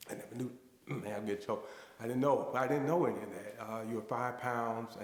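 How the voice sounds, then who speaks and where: A man in his forties, from the United States, giving an emotional personal testimony at a banquet with halting restarts. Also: lowish voice. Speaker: guest speaker at a fundraising banquet. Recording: echoey hall reverb.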